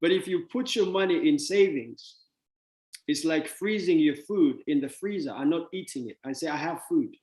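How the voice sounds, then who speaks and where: A man's voice: a little high, moderate pace, a little mellow. A man delivers a motivational talk in a somewhat raised voice, teasing his listeners with wordplay and chuckles before turning blunt. The room around him rings with echo. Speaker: speaker giving a money talk.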